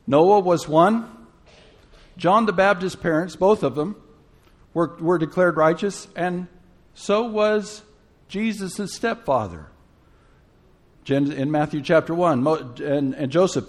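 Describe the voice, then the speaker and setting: A man delivers a sermon with a notably high voice. He talks to the congregation casually, asking questions and tossing in humorous asides. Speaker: preacher.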